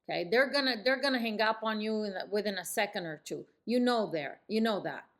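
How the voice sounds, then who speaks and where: A middle-aged woman coaching real estate agents, speaking firmly in falling tones and jumping up high to demonstrate. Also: expressive, fairly quick, a bit bright. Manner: emphatic, demonstrates phone tones with sudden high pitch jumps; speaks in firm downswings. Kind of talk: coaching lesson to camera.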